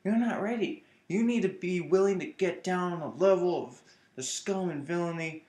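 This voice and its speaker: A stern older butler with an English accent lectures in a scolding tone, as a man puts him on. The voice sits a bit high for a man. It carries a roomy echo. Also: moderate pace, darkish tone, close to an everyday voice.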